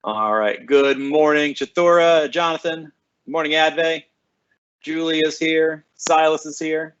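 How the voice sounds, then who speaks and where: A man's voice: fairly high pitch, fairly even intonation, a little slow, fairly bright tone, smooth. Upbeat man on a lo-fi live stream. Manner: upbeat and chatty, greeting viewers by name. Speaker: school librarian hosting a live stream. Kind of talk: casual live-stream address to students. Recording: slightly dull, lo-fi sound.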